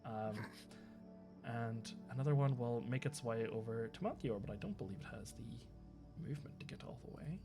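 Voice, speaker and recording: A man's voice: medium pitch, normal speed, vocal fry, music in the background. A man narrating as game master of a tabletop role-playing game, laughing often as he goes.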